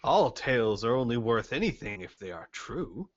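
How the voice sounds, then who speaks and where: A hearty, boastful old man in his sixties, put on by a man, jolly and full of himself. The voice sits lower than a plain talking voice and swings up and down with lively pitch. The sound is dull and lo-fi. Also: normal speed. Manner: hearty, boastful, solemn nods. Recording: dull lo-fi audio.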